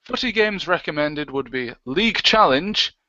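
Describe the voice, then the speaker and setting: Bright-voiced man, jokey co-host. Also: on the high side, lively intonation, moderate pace, dry recording. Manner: jokey, reads out comments and tweets. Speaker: livestream co-host. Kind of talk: casual livestream chat. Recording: dull, lo-fi dry sound.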